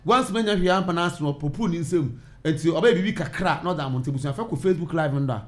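A man's voice: on the high side, expressive, quick pace. A man co-hosting a casual talk show, steadily recounting the news. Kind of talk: casual radio-style chat. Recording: roomy echo.

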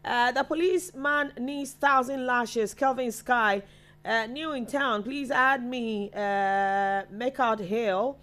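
A woman's voice: on the high side, steady tone, slow pace, a bit bright. Ghanaian woman, live show co-host, reads viewer comments aloud, chatty. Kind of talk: live online chat show.

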